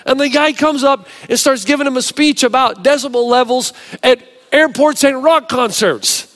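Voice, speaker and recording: A man pastor preaching a sermon, telling stories with an animated, varied delivery. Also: very high-pitched, moderate pace.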